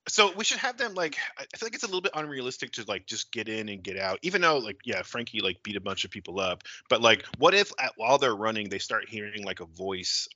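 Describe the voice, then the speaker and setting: Bright-toned man thinking aloud. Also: fairly low pitch, fast, hardly any pauses, no room sound, muffled recording. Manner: relaxed, laughing, thinking aloud. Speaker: podcast co-host. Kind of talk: casual brainstorming chat.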